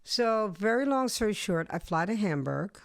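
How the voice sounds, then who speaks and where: A middle-aged woman musician, a guest in an interview, telling animated stories from her career and acting out the people in them. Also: mid-range voice, normal speed, gravelly, no room sound, studio quality. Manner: animated storyteller, acts out voices. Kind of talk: storytelling interview chat.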